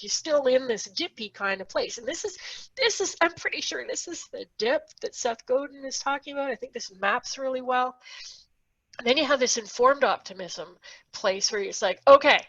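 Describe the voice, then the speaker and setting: Woman co-host, higher voice, casual explainer full of ums, dry and dull call audio. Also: fairly bright tone, dry recording. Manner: thinking aloud with many ums, acting out quoted thoughts. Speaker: podcast co-host.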